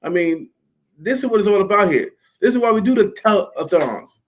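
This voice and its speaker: A man's voice: sits high, expressive, normal speed, a little hiss or hum. A man hosting a livestream over a video call, hyping up the guests with repeated calls to listen. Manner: repetitive, hyped-up calls to listen. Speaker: livestream host. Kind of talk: hype host banter.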